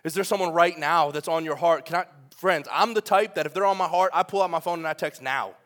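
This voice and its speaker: A young adult man preaching a sermon in a church, animated and joking, firing questions at the congregation. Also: on the high side, quick pace. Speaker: pastor. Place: church sanctuary.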